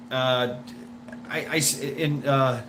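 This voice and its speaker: A man's voice: medium pitch, a bit bright, slight background noise. A young man telling a personal story in a casual, rambling way, full of restarts, profanity and laughter. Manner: halting, repeats words, profane, laughs often. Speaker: storyteller recounting a personal anecdote.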